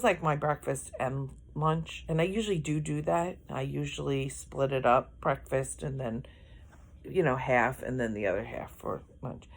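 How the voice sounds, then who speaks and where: A middle-aged woman, chatting casually in a vlog, rambling and correcting herself as she goes, yawning often. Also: a bass voice. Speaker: vlogger.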